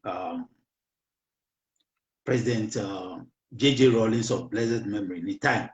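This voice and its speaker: A hoarse man with a Ghanaian accent hosting a talk show, speaking slowly and haltingly and often switching into English. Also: lowish voice, darkish tone, reverberant, highs cut off. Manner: slow, halting, mixes English into Twi. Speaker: radio show host. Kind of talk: casual political talk.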